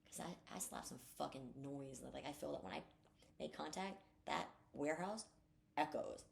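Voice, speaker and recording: A woman's voice: low voice, normal speed, creaky, a little hiss or hum. A woman co-hosting a podcast in casual chat, blunt and profane, with fired-up talk. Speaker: podcast co-host.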